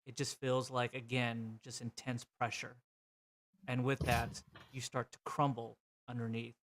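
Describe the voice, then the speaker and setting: A man's voice: medium pitch, little pitch movement, a little slow, a bit bright. A man narrating a tabletop role-playing game as game master, describing scenes vividly with frequent fillers.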